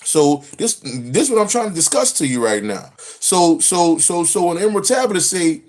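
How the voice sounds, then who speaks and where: A man's voice: high voice, animated, normal speed, a little mellow. A man reading a spiritual text aloud and preaching on it, emphatic, repetitive and profane. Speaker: spiritual teacher.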